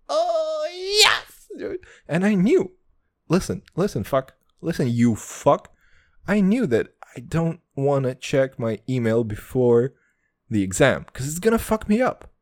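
Young male podcast host, brash and foul-mouthed, lively swooping pitch, dry close mic. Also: dry recording. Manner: profane, brash, self-mocking, calls listeners boys. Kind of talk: casual comedic monologue.

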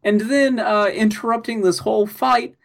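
Excitable man with a higher voice. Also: normal speed, vocal fry. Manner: excitable, swears casually, laughs often. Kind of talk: casual chat recapping an anime episode.

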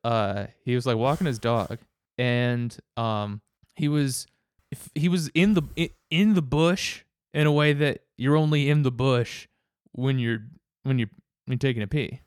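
A man's voice: medium pitch, fairly even intonation, a little slow, smooth, no echo, studio quality. A man telling a rambling story in casual chat, with many restarts and frequent laughs.

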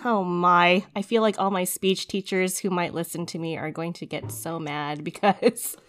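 A woman's voice: on the low side, steady tone, a little slow, a bit bright. A woman in her thirties co-hosting a podcast, chatting casually with lots of laughs and fillers. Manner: giggly, upbeat, many fillers. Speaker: podcast co-host. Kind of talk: casual chat.

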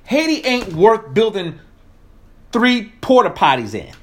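A man's voice: high voice, sing-song, measured pace, a bit bright. A man from the South, delivering a heated, profane political rant straight to his audience. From American South. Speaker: political commentator. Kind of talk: ranting monologue.

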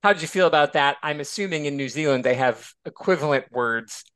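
A man's voice: fairly high pitch, a little fast, clear, resonant tone. An American man co-hosting a podcast, chatting casually and animatedly, often drifting into tangents. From United States. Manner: animated, digressive. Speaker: podcast co-host. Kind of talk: casual chat.

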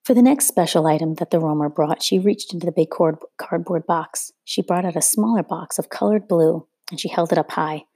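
A woman reading a children's novel aloud at a steady storytelling pace, now and then rereading a slip. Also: on the low side, fairly quick, few pauses, husky, no room sound. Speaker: reader.

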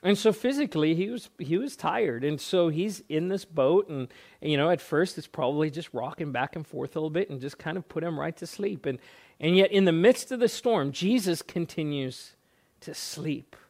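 A man's voice: a little high, animated, moderate pace, darkish tone. A man preaching a sermon as a pastor, earnest, often repeating words and stretching out phrases for emphasis.

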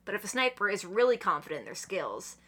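A woman chatting on a podcast, excitedly retelling manga chapters and acting out the characters' lines between laughs. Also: mid-range voice, fast talker, husky. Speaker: podcast guest. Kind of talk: casual chat recapping manga chapters.

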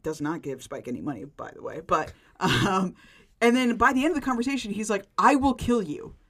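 A woman co-hosting a casual podcast, recapping a TV episode in animated talk full of "like". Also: mid-range voice, brisk. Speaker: podcast co-host.

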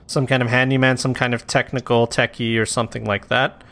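Smooth-voiced man running a tabletop game. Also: medium pitch, level tone, brisk, a bit bright. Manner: casual, swearing, loose storytelling with fillers. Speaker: game master.

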